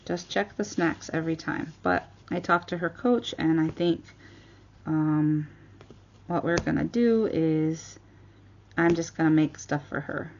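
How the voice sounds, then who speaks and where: A woman vlogger chatting casually as she crafts, retelling a story with lively quoted dialogue. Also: low voice, unhurried, vocal fry, highs cut off, slight background noise.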